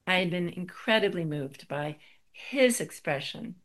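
A woman's voice: fairly low pitch, animated, unhurried, a bit bright. A middle-aged woman giving a spiritual talk, telling a personal story with wry, self-deprecating humor.

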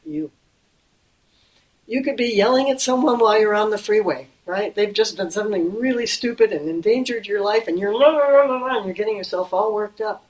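Gentle woman giving a dharma talk. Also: mid-range voice, a little hiss or hum, poor audio. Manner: gentle and conversational, slowing and softening on key phrases. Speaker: Buddhist teacher.

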